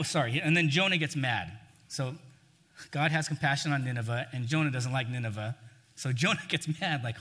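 A man's voice: a little high, pushed and bright. A man preaching a sermon in a conversational way, acting out the scripture passages he quotes, recorded in a reverberant hall.

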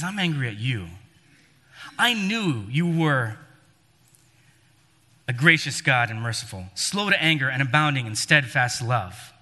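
Slightly high-pitched, bright and forceful, this man's voice delivers a sermon built around a story. He performs the quoted lines with emphasis that climbs and falls, and the recording has a long, hall-like reverb.

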